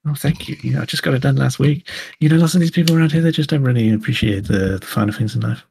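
A man's voice: mid-range voice, rapid-fire, creaky, a little mellow, a little hiss or hum, voice pushed up, lightly acted. A man voicing a chatty, style-conscious team member who gushes and gossips. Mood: gushing. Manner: gushing, gossipy.

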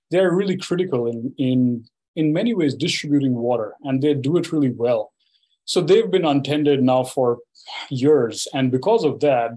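A man's voice: mid-range voice, dark tone, husky, rough recording. A man giving a university lecture, telling a field anecdote in a loose, conversational way full of "you know" and "right?". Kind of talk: storytelling academic lecture.

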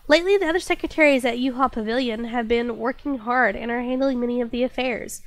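A woman's voice: on the high side, fast, natural voice. A woman recovering from a cold and reading out a courteous letter from a dutiful female secretary. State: recovering from a cold, stuffy nose.

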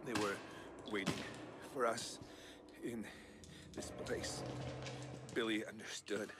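An actor playing a deranged male asylum inmate who mutters slowly in a breathy, fearful whisper. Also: lowish voice, steady tone. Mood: paranoid. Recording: echoey game audio with loud ambient noise.

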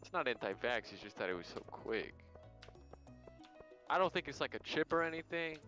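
A man's voice: medium pitch, lively intonation, moderate pace, pushed and bright, soft background music. A man streaming a farming game and chatting casually with a friend, joking and a bit rambling, sounding tired. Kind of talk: casual gaming chat.

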